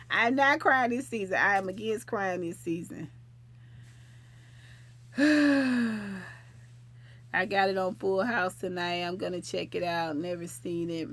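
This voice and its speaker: A bright, slightly high woman's voice rambling warmly through a late-night livestream. She talks casually and fondly to her viewers, drifting from topic to topic. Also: a little slow, long pauses, no room sound. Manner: chatty, affectionate, rambling. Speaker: livestream host.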